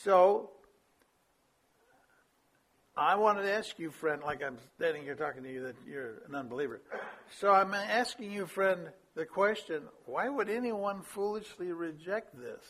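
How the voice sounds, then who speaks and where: A man preaching a sermon, teaching how to share faith, swinging between quick bursts and slow, quiet emphasis. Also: expressive. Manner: varies pace and loudness, drops low for emphasis. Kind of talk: sermon on evangelism.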